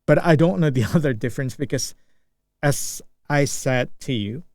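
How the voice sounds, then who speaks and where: A man's voice: mid-range voice, expressive, normal speed, a little mellow, no echo. A young Indonesian man with an Indonesian accent, English not his first language, speaking unscripted practice talk full of restarts and fillers as he searches for words. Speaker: English learner.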